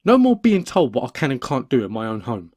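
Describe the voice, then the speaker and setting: A man's voice: mid-range voice, wildly swooping pitch, a little fast, a little mellow, no room sound. A man voicing a stubborn young man who gets pushed around, defensive and blustering when questioned. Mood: determined. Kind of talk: cartoon voice acting.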